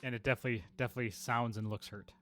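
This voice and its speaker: A man's voice: medium pitch, steady tone, racing, a bit bright, soft background music. Man game-mastering a tabletop game. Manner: loose, rambling narration.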